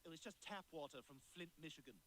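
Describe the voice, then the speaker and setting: A man's voice: fairly high pitch, fast, fairly bright tone, a little hiss or hum, close to an everyday voice. An actor voicing a scheming, precocious baby boy with refined diction and an arch, sarcastic manner.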